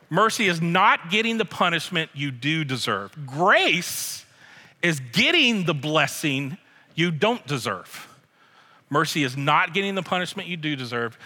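Male pastor, bright forceful delivery, slightly high voice, emphatic and repetitive, long hall reverb. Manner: emphatic, slows and repeats key phrases. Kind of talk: sermon.

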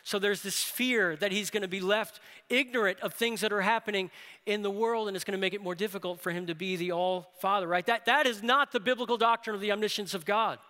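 A man preaching a sermon as pastor, earnest, often closing a point with a quick "right?". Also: high-pitched, pushed and bright, big-room sound.

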